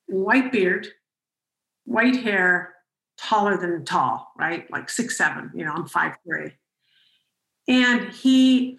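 A woman podcast host telling a story in an animated way, with frequent restarts. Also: mid-range voice, echoey room, poor audio. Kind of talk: conversational storytelling.

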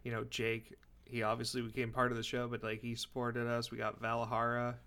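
A young man co-hosts a relaxed podcast, chatting loosely with plenty of "you know"s. His voice is bright and forward. His pitch sits in a normal middle range. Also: brisk, smooth. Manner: chatty, upbeat, heavy on fillers. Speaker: podcast co-host. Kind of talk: casual podcast chat.

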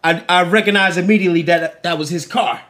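A man hosts a podcast, telling a story in casual, profane chat while acting out the people he quotes. He's animated, with a high voice, and talks fast.

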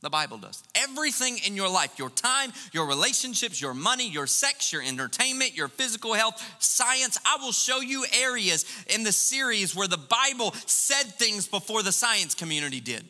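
Man, pastor, lively sermon, high voice, long hall reverb. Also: normal speed, few pauses. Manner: animated preaching with rhetorical questions and laughs.

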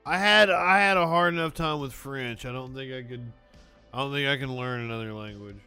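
A man's voice: medium pitch, brisk, sharp tone, faint music behind. A man co-hosting a casual comedy talk show, bantering, laughing and swearing freely. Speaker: co-host.

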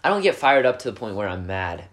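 A teenage boy, a high school quarterback, answering interview questions in an earnest, upbeat way. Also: fast talker. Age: teens. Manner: earnest and upbeat, gets animated. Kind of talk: casual interview chat.

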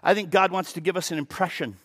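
A man preaching a sermon as pastor, animated, with rhetorical questions and repeated words as he starts his sentences. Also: high-pitched, quick pace.

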